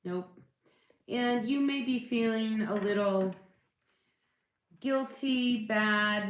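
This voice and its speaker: A woman's voice: mid-range voice, roomy sound. A woman doing a casual tarot reading, rambling and searching for words, reassuring her listeners. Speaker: tarot reader.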